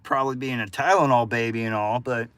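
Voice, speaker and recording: A man's voice: mid-range voice, steady tone, brisk, fairly bright tone, no room sound. A man live-streaming, talking casually with his viewers in a profane, combative rant. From United States. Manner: profane, combative ranting at chat. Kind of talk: casual livestream chat with viewers.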